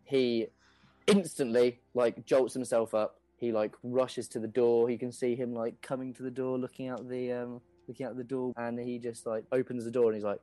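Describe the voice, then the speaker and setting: A man's voice: mid-range voice, level tone, moderate pace, warm tone, no echo. Laid-back game master, a man, rambling with fillers, dry close sound. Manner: casual, filler-heavy, laughs often. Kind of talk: narrating a tabletop game.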